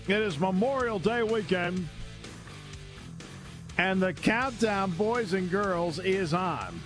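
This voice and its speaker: A man hosting a sports talk radio show, chatting casually and telling animated stories with frequent laughter. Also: high-pitched, slow pace, over music. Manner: animated storyteller, laughs often.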